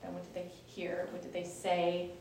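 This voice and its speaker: A woman's voice: fairly low pitch, completely flat delivery, moderate pace, vocal fry, darkish tone. A woman teaching scripture in an easy, conversational manner, circling back and restarting her sentences as she explains. Her voice carries a strong echo, as if from a hard-walled room, and she sits some distance from the mic with a faint hiss underneath. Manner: chatty and explanatory, with fillers and restarts. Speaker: Bible study leader.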